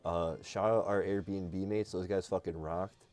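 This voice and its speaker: A man hosting a live stream, chatting casually and teasing his co-host in an animated, joking way. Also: sits low, a little slow, soft background music.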